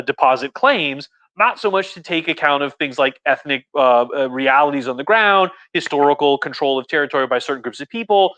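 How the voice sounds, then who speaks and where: Bright-voiced tipsy man rambling about history. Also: a little high. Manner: rambling, jokey, acts out voices with "like". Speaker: history lecturer. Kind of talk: casual tipsy history talk.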